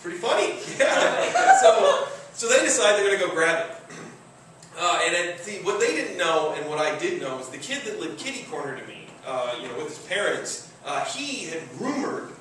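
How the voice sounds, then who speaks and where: A man's voice: high voice, wildly swooping pitch, moderate pace, fairly bright tone, slight background noise. A man from Michigan telling a funny true story on stage in a casual way, full of fillers and with a chuckle in his voice. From Michigan, USA. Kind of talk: live comedic storytelling. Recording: very echoey room, distant mic.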